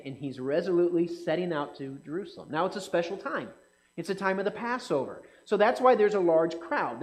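A man with a high, light voice preaching in a relaxed, conversational way. He keeps asking his listeners questions and acts out the characters' lines in quick bursts. His tone shifts between bright and hushed as he teaches. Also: rough recording. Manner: animated, asks the audience questions, acts out quotes. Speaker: pastor or Bible teacher. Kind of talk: conversational sermon. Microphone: speaking to a live group, slide on screen.

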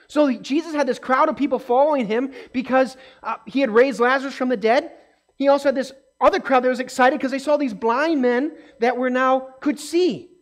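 A woman with a high, bright-pitched voice tells a Bible story to a group of children. She is animated and keeps asking the kids questions. She also acts out the voices of people in the story. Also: brisk.

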